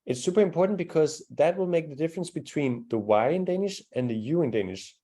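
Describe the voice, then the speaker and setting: A male language teacher runs a live class with a mellow, warm voice. He speaks patiently, demonstrating sounds one by one and praising his students' attempts. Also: on the high side, animated, fast.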